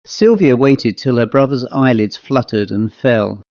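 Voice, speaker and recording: A man narrating a ghost story in a measured storytelling manner. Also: mid-range voice, a little mellow, no room sound. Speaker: audiobook narrator. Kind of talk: scripted narration. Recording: dull lo-fi dry recording.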